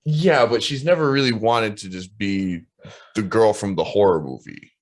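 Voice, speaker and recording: Low-voiced casual podcast guy. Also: normal speed. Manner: relaxed, swears often, many fillers. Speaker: podcast co-host. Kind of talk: casual chat.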